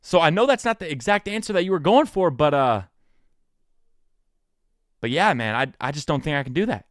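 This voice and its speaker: A man's voice: normal speed, no echo, clean studio sound. A man in his twenties hosting a solo sports podcast, talking casually and joking. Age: 20s. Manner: animated, joking, pitch jumps for emphasis. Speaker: podcast host.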